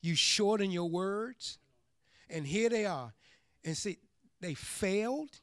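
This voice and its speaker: High voiced pastor man preaching slow, dry close sound, repeats stuff, gets loud. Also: expressive, no echo. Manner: emphatic preaching, repeats phrases, builds to shouts. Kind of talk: sermon.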